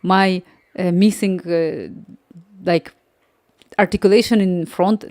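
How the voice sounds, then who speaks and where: A woman with a non-native English accent chatting casually on a live coding stream from home. She talks haltingly, hunts for words and laughs lightly. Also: lowish voice, steady tone, a little mellow.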